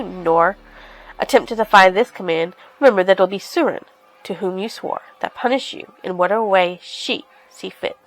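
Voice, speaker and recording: A woman's voice: medium pitch, close to an everyday voice, poor audio. A woman reading the lines of a stern young queen passing judgment, with cold, formal pronouncements.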